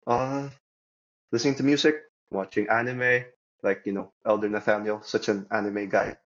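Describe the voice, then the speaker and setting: A man's voice: fairly low pitch, flat delivery, moderate pace, dull audio. A young man speaking as a guest on a church podcast, easygoing and chatty, laughing often as he talks. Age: young adult. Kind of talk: casual podcast chat.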